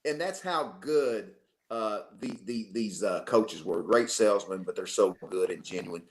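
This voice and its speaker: A man from Arkansas, a football coach telling lively stories as an interview guest. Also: on the low side, a little slow. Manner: animated storyteller, acts out quotes. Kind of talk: storytelling in a radio interview.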